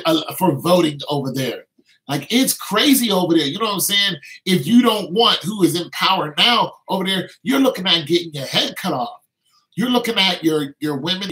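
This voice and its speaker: A man's voice: sits high, bright, forceful tone, rough recording. A man from the United States talking in an emphatic, rambling way, with many restarts and "you know what I'm saying" asides. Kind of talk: casual opinionated talk.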